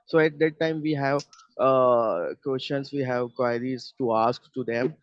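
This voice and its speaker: A man's voice: mid-range voice, a little slow, dry recording. A man with an Indian English accent, a journalist and student, speaking hesitantly on a video call and restarting his sentences. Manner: hesitant, restarts sentences, calls teacher ma'am. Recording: muffled video call audio.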